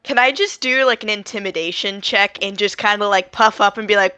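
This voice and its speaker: A woman talks through her moves in a casual tabletop game, chatty and apologetic, with lots of fillers. Her voice is bright, smooth and clear. It is recorded close and dry. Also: mid-range voice, fairly quick, dry recording. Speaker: player. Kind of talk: casual tabletop role-play.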